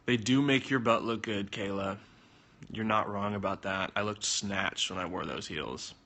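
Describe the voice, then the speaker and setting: A young man chatting casually on a phone livestream, answering viewer comments with jokes and sudden jumps in pitch. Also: moderate pace, sharp tone.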